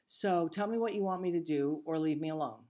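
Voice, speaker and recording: A woman's voice: low-pitched, brisk, mellow. An older woman, a guest actress, chatting candidly and emphatically in an interview. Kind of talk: casual interview chat.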